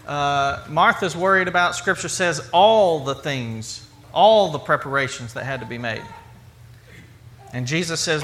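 A man's voice: on the high side, unhurried, sharp tone. A man preaching a sermon in a conversational way, with repetition and rhetorical questions. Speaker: pastor.

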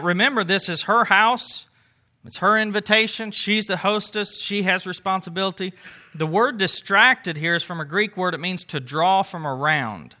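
A man's voice: high-pitched, sharp tone. A man preaching a sermon, telling stories and putting questions to his listeners. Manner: storytelling, asks the congregation questions. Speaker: pastor.

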